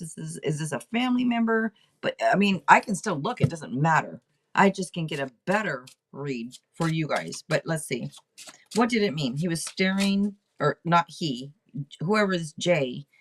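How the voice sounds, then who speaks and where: A woman hosting a casual livestream tarot reading, talking to viewers in a direct, playful, teasing way. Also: low-pitched. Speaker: tarot reader and livestream host.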